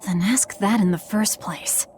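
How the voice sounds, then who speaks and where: A woman's voice: mid-range voice, measured pace, darkish tone, slight background noise, lightly acted. An actress voicing a blunt, guarded young woman in a video game, speaking in a terse, subdued way. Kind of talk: game voice acting.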